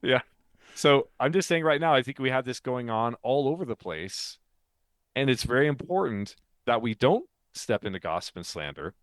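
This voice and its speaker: A man's voice: medium pitch, lively intonation, moderate pace, no room sound. A man co-hosting a faith podcast, explaining ideas in casual chat, talkative and laughing often. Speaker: podcast co-host and author.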